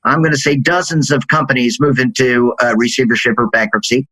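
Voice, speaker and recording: A man's voice: brisk, no room sound, low-quality recording. A middle-aged man telling stories as a sales executive guest in an interview, acting out dialogue in a raised voice. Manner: animated, acts out quoted dialogue in a higher voice. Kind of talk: storytelling interview answer.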